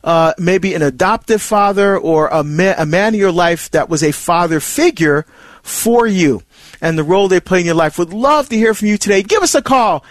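A man hosting a call-in radio program with a high-pitched voice. He speaks in an encouraging, friendly way to his callers, in a dry studio sound. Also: lively intonation, normal speed, dry recording. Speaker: radio show host.

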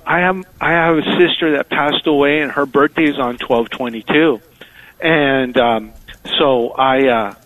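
A man calling in to a radio show, speaking haltingly with many fillers and pauses. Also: medium pitch, a bit bright, no room sound, poor audio. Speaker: caller. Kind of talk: call-in radio chat.

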